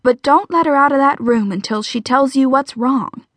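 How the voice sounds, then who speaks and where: A woman narrator voicing a gentle, soothing middle-aged mother. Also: sits high, normal speed, no room sound. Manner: soothing, warm-hearted.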